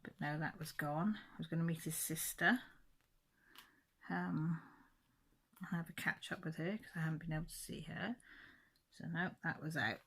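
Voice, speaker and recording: A woman's voice: low voice, normal speed, long pauses, fairly bright tone, slightly rough. A woman in her forties chatting casually while she works on a craft project, rambling and correcting herself mid-sentence. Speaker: crafting channel host.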